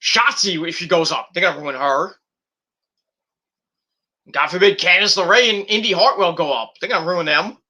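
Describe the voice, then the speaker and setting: Bright, high-voiced man ranting. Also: moderate pace, pauses often. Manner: profane, heated ranting. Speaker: wrestling review host. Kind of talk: ranting show review.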